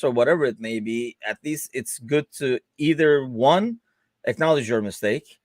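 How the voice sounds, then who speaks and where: A man's voice: mid-range voice, animated, normal speed, dry recording. Chatty American man, dry close mic. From United States. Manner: conversational, sarcastic, laughs easily. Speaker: podcast host. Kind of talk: casual football chat.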